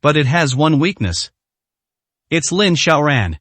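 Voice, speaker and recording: Man narrating a story, lively pitch. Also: unhurried, no echo.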